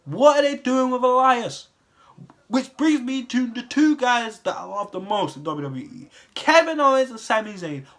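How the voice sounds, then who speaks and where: A man's voice: extremely high pitch, expressive, moderate pace, a bit bright. A young man delivering a heated, profane rant with exasperated rhetorical questions. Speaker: wrestling commentary vlogger. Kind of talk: profane ranting monologue.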